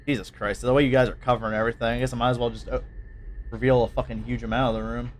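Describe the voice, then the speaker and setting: A man's voice: medium pitch, level tone, very fast, slight background noise. A man running a tabletop game as game master, narrating casually, laughing often and swearing freely.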